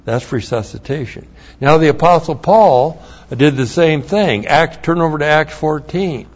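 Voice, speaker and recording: Male preacher, unhurried delivery, dull muffled recording, plain asides between scripture readings. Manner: reads scripture aloud, then explains in plain asides; grows louder and higher when excited. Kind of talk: sermon.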